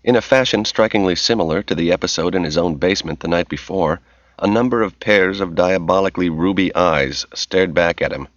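A man giving a measured, scripted audiobook narration. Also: deep voice, no room sound. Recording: slightly dull dry recording.

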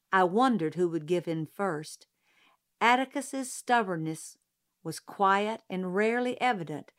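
A woman narrating a novel as an audiobook, in a measured, even manner. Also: mid-range voice.

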